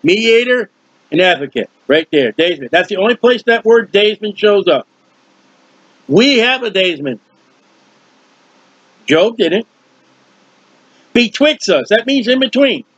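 A man preaching a verse-by-verse Bible teaching, animated and questioning his listeners. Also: sits high, unhurried, long pauses, slightly rough, dry recording. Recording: dull lo-fi dry recording.

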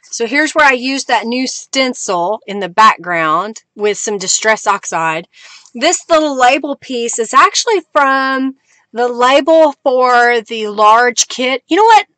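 A woman's voice: fairly high pitch, expressive, measured pace, sharp tone, no room sound. A woman hosting a live crafting stream, chatting casually as she works and greets viewers. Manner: chatty, reads out viewer comments with bursts of cheer. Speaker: crafting livestream host.

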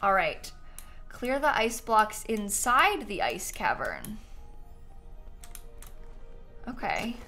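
A woman's voice: mid-range voice, huge pitch swings, drawn-out words, long pauses, sharp tone, faint music behind. A young woman streaming a video game live, chatting casually and reading quest text aloud. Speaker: gaming streamer.

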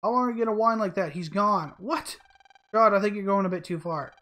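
A man voicing a gruff, impatient boy rival who talks bluntly. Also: sits high, brisk, sharp tone. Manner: brash and blunt. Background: game music.

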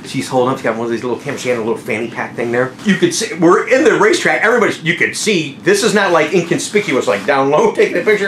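A middle-aged man telling stories about his car sales career in a casual vlog, excited, often laughing and acting out what people said. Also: fairly high pitch, fast talker, roomy sound, a little hiss or hum. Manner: excitable, laughing, acts out quotes. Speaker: car salesman and channel host.

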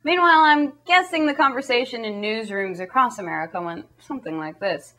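A woman hosts a satirical news segment with a breezy, sarcastic delivery. Her voice sits fairly high. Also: brisk, hardly any pauses, bright, forceful tone. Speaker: comedy news host.

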